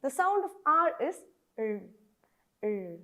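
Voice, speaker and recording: A woman's voice: high voice, very animated, slow pace. A woman from Kerala with a Malayali English accent, teaching phonics to children and repeating each letter sound over and over. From Kerala, India.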